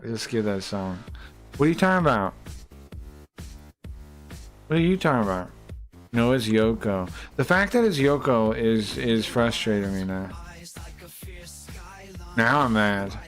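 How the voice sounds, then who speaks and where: A man streaming live, chatting casually and rambling to his chat, with mild swearing and many fillers. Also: mid-range voice. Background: faint music.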